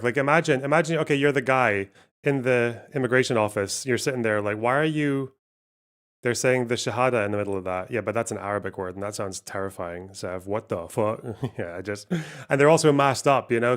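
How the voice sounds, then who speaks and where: Male host of a live stream, loose sarcastic commentary, average pitch, laughs a lot. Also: fast, a bit bright. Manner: sarcastic, rambling, laughing often, swearing.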